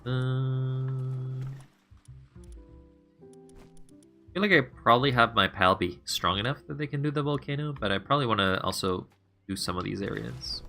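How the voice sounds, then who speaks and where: A man's voice: mid-range voice, measured pace, vocal fry, pauses often, sharp tone, soft background music. A man streaming a game, chatting casually with his viewers, rambling and laughing as he plays.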